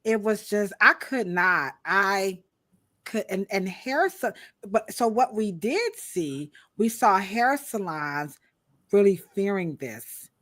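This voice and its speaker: Animated lady cohosting a podcast, casual slangy chat, loud outbursts. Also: medium pitch, slow. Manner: animated and exclamatory, with slang and laughter. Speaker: podcast co-host.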